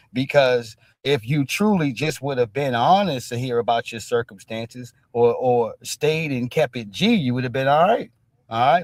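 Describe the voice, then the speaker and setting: A man's voice: medium pitch, no room sound. Blunt man ranting on a live stream. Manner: emphatic, keeps punctuating with "all right?"; blunt and profane street talk. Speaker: streaming commentary host. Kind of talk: casual live-stream commentary.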